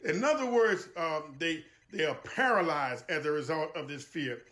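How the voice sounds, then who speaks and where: A man's voice: on the high side, moderate pace, bright, forceful tone. A man giving a motivational talk to a small audience, preacherly and emphatic, repeating phrases for effect. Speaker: guest speaker.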